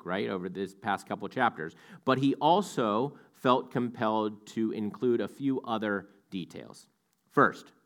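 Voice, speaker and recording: A man's voice: on the low side, fairly bright tone. Conversational man teaching the Bible. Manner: conversational, with asides that correct himself.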